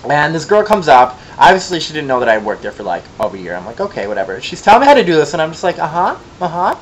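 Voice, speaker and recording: A young man from Michigan telling a long casual story in a vlog, chatty and gossipy, with sassy asides and lively quoted voices. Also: on the high side, fast, a little hiss or hum, low-quality recording. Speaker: vlogger.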